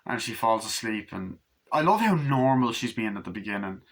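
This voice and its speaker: A man's voice: fairly low pitch, animated, moderate pace. A young man casually reviewing a film, rambling with lots of fillers and offhand swearing.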